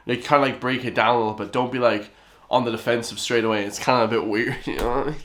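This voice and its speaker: A man's voice: medium pitch, steady tone, quick pace, fairly bright tone. A man with an Irish accent hosting a reaction video, chatting casually and using slang like bro. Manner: slangy and laid-back, says bro a lot.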